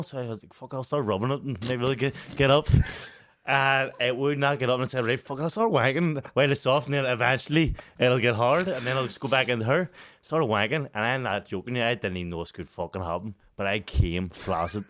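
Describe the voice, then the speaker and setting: A Northern Irish man in his thirties, a podcast co-host telling a story in casual chat, swearing a lot and breaking into laughter. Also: mid-range voice. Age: 30s. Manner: profane, animated, laughs often while telling a story.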